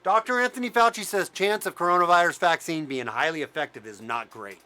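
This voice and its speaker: A man's voice: a little high, brisk, noisy background. A man giving an angry, profane ranting commentary, heated and mocking as he talks. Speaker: vlogger.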